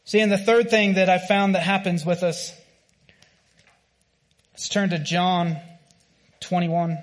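A man with an American accent preaches in a loose, conversational way, circling back and restarting his sentences as he goes. His voice sits a little higher than most men's. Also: level tone, takes it slowly. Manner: casual, conversational preaching with frequent fillers and restarts. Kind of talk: sermon.

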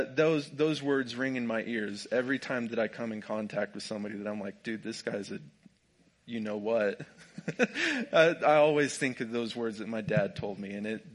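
A young man with a drawl, telling a personal story in a relaxed, jokey way and laughing often. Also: medium pitch. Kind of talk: casual storytelling.

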